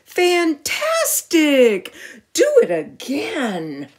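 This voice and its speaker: A woman voicing a brave, cheeky young princess in a storybook read-aloud, with bright, eager exclamations. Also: on the low side, animated, takes it slowly. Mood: excited.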